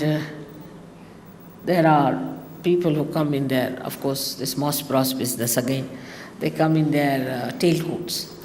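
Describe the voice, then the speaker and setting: A woman's voice: deep voice, a little hiss or hum. Woman teaching in a reverberant hall. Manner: lively, teasing, mocking asides. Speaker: spiritual teacher. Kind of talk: spiritual talk to followers. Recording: long reverb of a hall, faint ambience.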